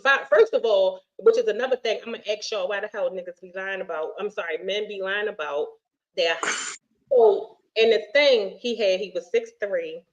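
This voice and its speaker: A middle-aged woman hosting a casual chat, telling a story in an animated, profane way and acting out the dialogue. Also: medium pitch, normal speed. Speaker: host. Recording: dull lo-fi stream audio.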